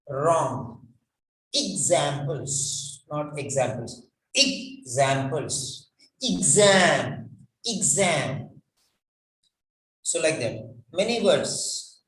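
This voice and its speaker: A man teaching English pronunciation, repeating words over and over to model how they should sound. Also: high-pitched. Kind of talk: classroom lesson on pronunciation. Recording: echoey room.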